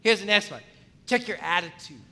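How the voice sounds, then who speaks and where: A man's voice: high voice, lively intonation, normal speed, bright, forceful tone. A man preaching a sermon in a conversational way, often asking the congregation questions. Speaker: pastor.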